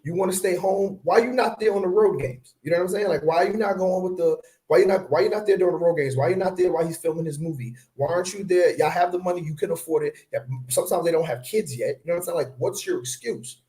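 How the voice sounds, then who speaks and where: A man's voice: high-pitched, fast, few pauses, warm tone. A man co-hosting a casual podcast discussion, arguing his point with rhetorical questions and frequent "you know what I'm saying.". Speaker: podcast co-host.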